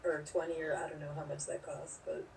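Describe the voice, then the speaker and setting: A low-pitched woman in her forties talks loosely with viewers, blunt and rambling, with curses dropped in along the way. Her voice sits back from the mic, and a faint hiss runs under it. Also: little pitch movement, brisk, darkish tone. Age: 40s. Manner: blunt, rambling, swears freely. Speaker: live streamer. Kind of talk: casual chat reading viewer comments. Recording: distant mic with faint background noise.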